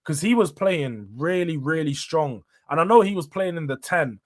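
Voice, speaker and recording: With a fairly high, fairly bright voice, a young football channel host reviews matches on his own in a casual style. He's blunt and slangy, throwing out questions only to answer them straight away.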